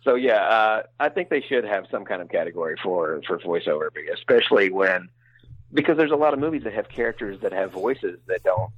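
A man talks quickly and frankly as an interview guest, rambling, restarting and poking fun at himself. His voice sits low. The audio is dry and a little dull. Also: animated, dry recording. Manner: rambling, frank, self-deprecating, many restarts. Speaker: voice actor guest. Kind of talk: casual interview talk.

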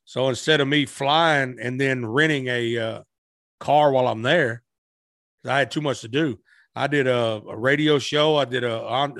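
In a casual interview, a middle-aged man who is a guest musician rambles through stories, often restarting his sentences. His mid-range voice is fairly bright, and the recording is studio quality with no echo.

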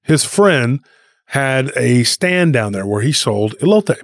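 A man's voice: medium pitch, slow, dry recording, studio quality. Rambling man telling a story. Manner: rambling, animated retelling with frequent restarts. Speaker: podcast co-host. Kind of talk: casual podcast storytelling.

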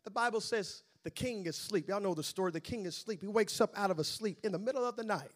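High-voiced preacher man. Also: fast. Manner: rhythmic preaching cadence with call-and-response phrases. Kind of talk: sermon.

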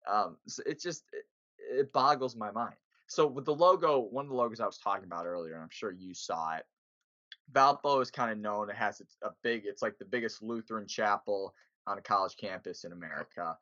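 Bright-voiced man in casual sports chat. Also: on the low side, a little fast, dry recording. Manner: animated, rising emphatic questions. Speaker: podcast co-host. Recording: dull lo-fi sound.

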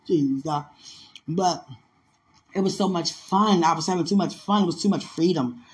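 High-pitched dc guy on a stream, laughy, animated, drops into little voices. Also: normal speed. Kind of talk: casual storytelling chat.

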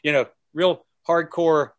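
The recording is muffled, and the man speaks slowly with a fairly high voice. He's a podcast guest telling stories casually, animatedly acting out the people he quotes and singing snippets.

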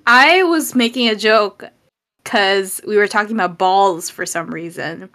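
A woman's voice: mid-range voice, measured pace, fairly bright tone. A young woman co-hosting a casual chat, giggly and rambling with lots of filler words. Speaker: podcast co-host.

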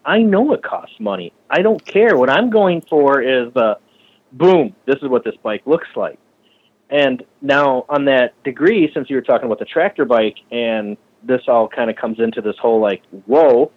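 A man from the Minneapolis area who runs a shop and builds bikes, talking casually and with lots of swearing, often acting out other people's lines in a higher voice. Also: lively intonation, normal speed, narrow, tinny audio. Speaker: shop owner and bike builder. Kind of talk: casual podcast conversation.

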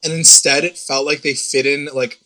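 A young man chatting casually as a co-host, retelling a TV episode in a rambling, animated way, full of fillers and little quoted voices. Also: on the high side, moderate pace, poor audio. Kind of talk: casual chat.

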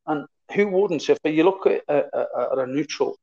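A man's voice: fairly high pitch, normal speed, creaky, a little mellow. Chatty man telling football stories. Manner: chatty, repeats words, trails off. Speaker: former footballer guest. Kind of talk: casual anecdotal storytelling. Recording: slightly dull lo-fi audio.

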